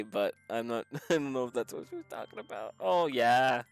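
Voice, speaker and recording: A man streaming a story game, shouting jokey asides to his chat and swearing between readings. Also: medium pitch, expressive, normal speed, vocal fry, few pauses, clean tone, soft background music. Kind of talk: live game commentary.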